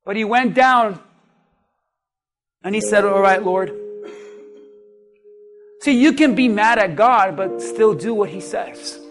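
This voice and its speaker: Male pastor, very high voice, unhurried, sermon with soft music behind. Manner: swings from hushed asides to laughing shouts, acts out quotes.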